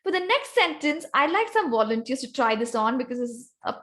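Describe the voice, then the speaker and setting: Speaking a little fast in a high, sing-song, somewhat bright voice, a woman presents on vocal variety as a guest at an online club meeting. She uses a video call to teach voice technique, naming members as she calls on them.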